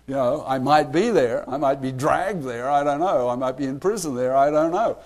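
A man leading a casual Bible study, chatty and animated, laughing often and acting out quoted lines. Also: mid-range voice, normal speed.

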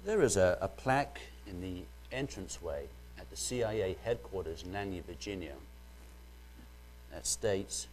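A man's voice: low-pitched, animated, normal speed, slight background noise. A man with a British accent preaching a sermon, first joking lightly, then reading Bible verses and explaining them earnestly.

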